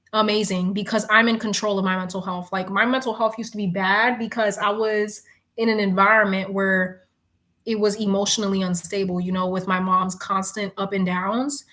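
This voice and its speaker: A woman doing a casual live tarot reading, chatting, animated and swearing casually. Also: mid-range voice. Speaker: live-stream tarot reader. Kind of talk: casual live-stream chat.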